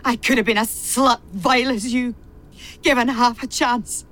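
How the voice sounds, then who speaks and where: A woman's voice: a little high, fairly even intonation, normal speed, fairly bright tone, natural voice. An actress playing a bitter, repressed woman who has served a family since childhood, pouring out a venomous confession in a radio play.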